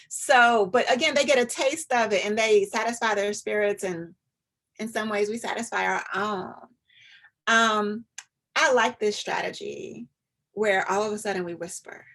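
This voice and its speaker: A woman psychologist giving an informal, chatty talk to parents, animated and now and then dropping into a soft whisper to show a point. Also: on the high side. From US, Atlanta area. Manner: chatty and animated, often drops to a demonstrative whisper.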